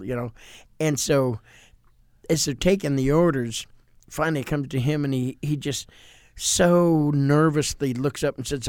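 A man, a pastor hosting a podcast, telling a funny story with animated delivery. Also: a little high, normal speed, no echo, studio quality. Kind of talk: storytelling chat.

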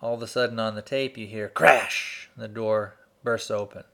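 Man explaining calmly and methodically. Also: fairly low pitch, vocal fry. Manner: measured, explanatory, builds a story step by step. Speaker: speaker teaching persuasion. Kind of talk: instructional talk with storytelling.

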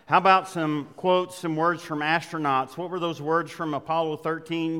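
A man's voice: on the high side, steady tone, normal speed, few pauses, bright, forceful tone, clean tone. A man preaching a sermon as pastor, talking conversationally and building to emphatic passages. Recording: long hall reverb.

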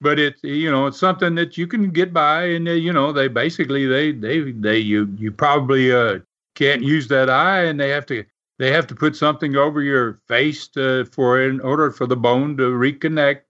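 A man's voice: medium pitch, steady tone, moderate pace, fairly bright tone. Rambling storytelling man, lo-fi sound. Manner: rambling, with many fillers and restarts. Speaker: podcast co-host and storyteller. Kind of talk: casual storytelling. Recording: dull lo-fi sound.

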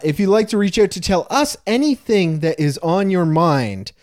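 A man's voice: high-pitched, animated, normal speed, a little mellow, no echo, studio quality. A man co-hosting a casual podcast, earnest and getting worked up, with a slightly preachy way of talking. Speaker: podcast co-host.

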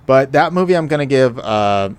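A man's voice: medium pitch, expressive, normal speed, clean tone. A man co-hosting a podcast, rambling and joking between fillers as he reviews movies. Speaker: podcast co-host. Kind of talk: casual podcast chat.

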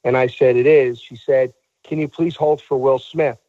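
A man's voice: mid-range voice, steady tone, normal speed, no room sound, narrow, tinny audio. A man telling a story in a casual talk show, acting out the voices of the people he quotes.

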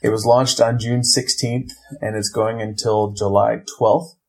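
A man from Ohio, co-hosting a casual board game podcast, explaining games in a relaxed, rambling way. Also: fairly low pitch, a little slow, vocal fry. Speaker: podcast co-host.

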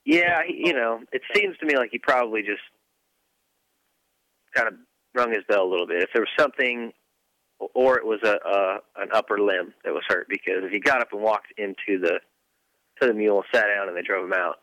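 A man in a casual motocross chat, easygoing and explaining calmly with lots of fillers. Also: lowish voice, fairly quick, no room sound, rough recording. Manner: easygoing, hedging with fillers, explains medical procedure.

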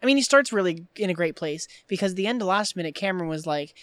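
A woman co-hosting a casual podcast, retelling film scenes in an animated way with lots of "like" fillers. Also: fairly low pitch, quick pace, no echo. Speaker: podcast co-host.

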